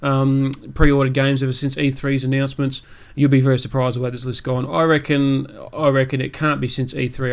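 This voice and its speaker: A man's voice: medium pitch, gravelly. Chatty man hosting a gaming podcast. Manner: chatty, rambling with restarts and fillers. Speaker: podcast host. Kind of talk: casual gaming podcast chat.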